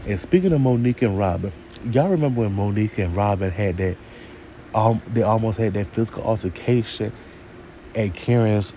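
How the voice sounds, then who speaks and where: Man, sassy TV reviewer, mellow low voice, casual opinionated rant. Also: slight background noise. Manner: sassy, talks straight to viewers. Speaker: TV show reviewer.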